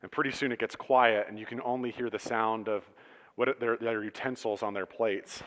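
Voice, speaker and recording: A man's voice: fairly low pitch, fairly even intonation, moderate pace, fairly bright tone. Man preaching in a reverberant church. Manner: conversational storytelling with asides. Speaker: pastor. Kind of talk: sermon.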